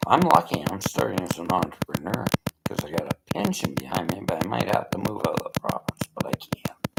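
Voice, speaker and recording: A man's voice: sits low, sing-song, a little fast, gravelly. An older man vlogging in a rambling motivational monologue, often dropping into whispery asides. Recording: loud background noise.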